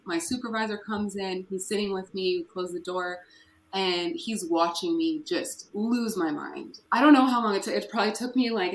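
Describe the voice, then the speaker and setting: Woman, podcast guest, candid and emotional, echoey room recording. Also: medium pitch. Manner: candid, emotional, with nervous laughs. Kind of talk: personal story in an interview. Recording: echoey room with faint noise.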